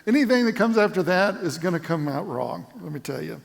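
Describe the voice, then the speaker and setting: A man's voice: high-pitched, lively intonation, fairly quick, vocal fry. A man, a chaplaincy director, giving a dryly humorous talk to a church group. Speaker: guest speaker, hospital chaplaincy director. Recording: echoey church hall.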